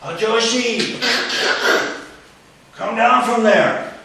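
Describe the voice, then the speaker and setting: A man voicing a stern, bossy male police captain who shouts orders, heard from a distant mic in an echoey hall. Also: very high voice, very slow, heavy background noise, voice pushed up, full character voice. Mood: commanding.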